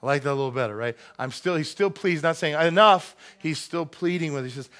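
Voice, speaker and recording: A man's voice: on the high side, fairly quick, few pauses, fairly bright tone. A male pastor preaching a conversational sermon with joking asides, in a church sanctuary.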